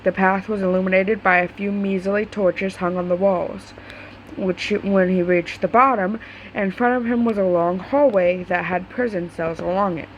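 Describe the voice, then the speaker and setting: A woman reading a fan story aloud in a relaxed, unpolished way. She trips over words and restarts, then carries on. Her voice sits at a middle pitch. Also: moderate pace, dull audio, slight background noise. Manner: casual, stumbling, swears in asides. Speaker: story reader.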